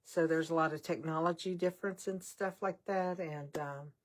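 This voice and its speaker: A woman's voice: low voice, fairly even intonation, moderate pace. An older woman hosting a casual card-making vlog, chatting in a rambling way with self-deprecating asides while she works. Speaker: card-making channel host. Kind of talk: casual crafting vlog chat.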